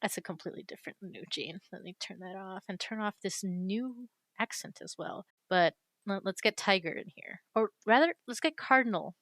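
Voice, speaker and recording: A woman's voice: medium pitch, moderate pace, fairly bright tone, no echo. A woman chatting casually and enthusiastically while walking through a game's character creator, with fillers and self-corrections. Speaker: YouTuber reviewing a game character creator. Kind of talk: casual screen-recorded commentary.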